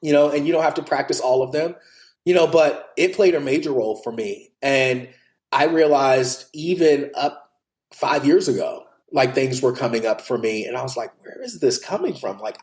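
A man, a podcast guest, telling a heartfelt personal story in an earnest, confessional way, sometimes dropping to a hush. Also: medium pitch, normal speed. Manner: earnest, heartfelt, confessional, with quiet hushed passages.

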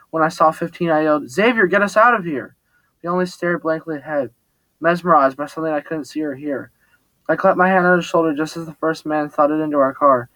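A man narrates a first-person story in a plain reading voice, now and then stumbling and restarting a word. His voice sits somewhat high for a man, and the recording is dry and close. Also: fairly bright tone, no echo, rough recording. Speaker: audiobook narrator.

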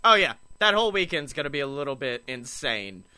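A young man co-hosting a casual chat show, joking, swearing and slipping into quick impressions. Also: medium pitch, sing-song, sharp tone. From Alabama, US. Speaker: podcast co-host.

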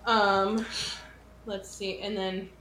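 A woman playing a tabletop game, speaking slowly and thoughtfully as she asks about the scene. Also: mid-range voice, level tone, a bit bright, a little hiss or hum. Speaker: player.

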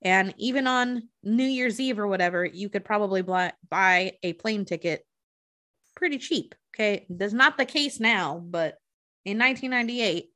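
A woman's voice: mid-range voice, normal speed, fairly bright tone. A woman hosting a podcast, casually and profanely retelling a movie plot, slipping into the characters' voices. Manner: profane, chatty, acts out characters' lines. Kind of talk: casual movie recap storytelling.

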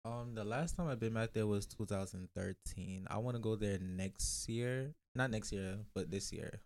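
A young man from Jamaica with a Brooklyn accent, a podcast guest talking in a relaxed, casual way and often hedging with "like". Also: fairly low pitch, normal speed. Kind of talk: casual chat.

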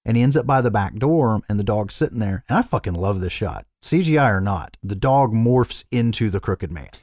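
A man's voice: lowish voice, lively intonation, fairly quick, darkish tone, no echo, studio quality. A man co-hosting a podcast, casually retelling a film plot, swearing freely and rambling with fillers. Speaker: podcast co-host. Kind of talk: casual chat recapping a film.

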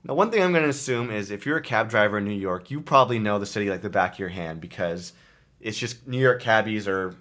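A man's voice: fairly low pitch, expressive, fast, fairly bright tone. A man in a casual chat telling a travel story, acting out what people said along the way.

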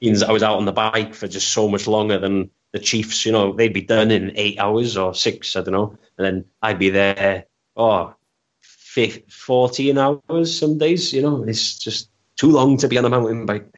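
A man's voice: fairly low pitch, steady tone, a little slow. Rambling self-deprecating man. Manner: rambling, self-deprecating, stammers and restarts often. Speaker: interview guest. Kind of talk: casual storytelling interview. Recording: dull lo-fi recording.

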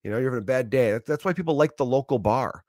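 A man in his thirties talking in a loose, rambling monologue, telling animated stories with restarts and swearing. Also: mid-range voice, fast talker, no room sound, clean studio sound.

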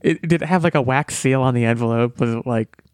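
A young man co-hosting a podcast in casual chat, rambling and breaking off mid-sentence into animated asides. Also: mid-range voice, a little fast, smooth, dry recording, studio quality. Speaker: podcast co-host.

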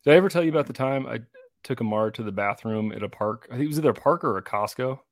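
A man in his thirties, co-hosting a podcast in casual chat, telling animated stories about his kids. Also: mid-range voice, racing, dry recording, studio quality. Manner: animated storyteller, acts out voices in anecdotes. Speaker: podcast co-host.

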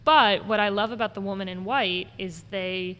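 Her mid-range voice has a clean tone and a moderate pace as she, a ghost tour guide, tells stories in a conversational interview. She animatedly acts out the voices she quotes, and the audio has a long reverb with faint background noise.

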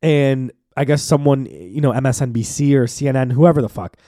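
A young man hosting a solo podcast, ranting in an animated, profane way full of fillers. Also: medium pitch, fairly quick, dry recording, studio quality. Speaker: podcast host.

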